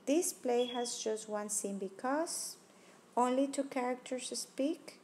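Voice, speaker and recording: A woman teacher with a slightly high, warm voice works slowly through test questions in a test-prep lesson, reasoning aloud and eliminating answer choices one at a time. It's recorded on a tablet microphone with slight background noise.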